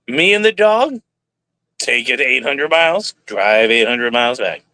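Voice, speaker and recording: A man's voice: mid-range voice, expressive, unhurried, sharp tone, no room sound. A man hosting a livestream, talking candidly and rambling, sometimes asking and answering his own questions. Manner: rambling, candid, talks to himself aloud. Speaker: livestream host. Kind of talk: casual livestream monologue.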